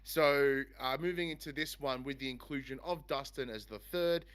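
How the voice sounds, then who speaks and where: A man's voice: mid-range voice, moderate pace, fairly bright tone. A man hosting a casual game review chat, talking in a rambling, enthusiastic way. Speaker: podcast host.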